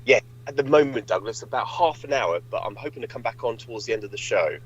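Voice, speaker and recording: A man calling in as a guest, speaking briskly over a muffled line. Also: mid-range voice, animated, slightly rough.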